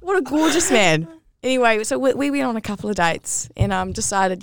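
A woman's voice: fairly high pitch, animated, a little fast, no echo, studio quality. A woman co-hosting a podcast, telling a personal story in casual chat and rising to squeals at the big moments. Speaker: podcast co-host.

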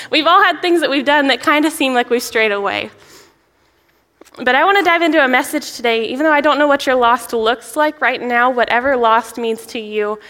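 A young woman, a children's ministry director, preaching a sermon in a church, chatty and lively, often laughing as she tells a story. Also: high voice, normal speed. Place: church sanctuary. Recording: long reverb of a large hall.

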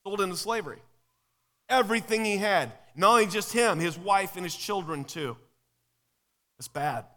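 Firing rhetorical questions at his congregation, a man with a high-pitched voice delivers a casual, lively live sermon. A long hall reverb surrounds the recording.

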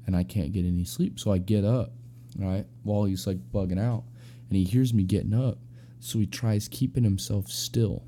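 A man's voice: lowish voice, fairly even intonation, moderate pace, dark tone, a little hiss or hum. A young adult man casually telling a personal anecdote, rambling and slangy with lots of fillers. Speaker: storyteller.

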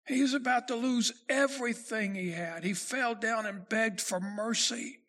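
A male pastor preaching a sermon, reading scripture slowly and then preaching with rising intensity. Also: extremely high pitch, fairly bright tone.

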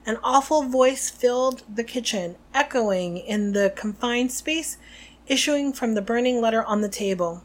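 A woman co-hosting a podcast, narrating a novel aloud in an expressive way and chatting about it. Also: on the high side, unhurried. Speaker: podcast co-host.

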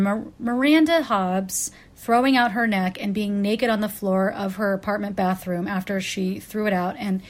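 In a casual countdown monologue, a pop culture commentator runs through her favorite and least favorite moments. She's wry and chatty, with many "um"s and quick self-corrections, and her medium-pitched voice bursts now and then into brief, lively impressions of the people she quotes.

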